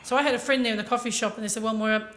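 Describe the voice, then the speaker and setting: A woman telling a story in an animated, chatty way as a conference speaker. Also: a little high, rapid-fire. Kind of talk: storytelling keynote.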